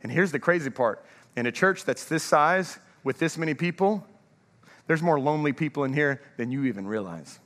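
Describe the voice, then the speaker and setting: A male pastor giving an energetic sermon in a large church, drawing the congregation to answer back. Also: a little high, normal speed, in a large hall. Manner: energetic, calls for congregation response.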